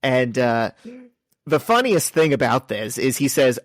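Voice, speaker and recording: A man co-hosting a chatty podcast, running through the story and tossing off the characters' lines. His voice sits at an ordinary middle pitch. The recording is dry and close, with no room sound. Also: big pitch swings, no echo. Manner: reads out comic dialogue in quick summaries. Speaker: podcast co-host. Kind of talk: casual podcast chat recapping a comic.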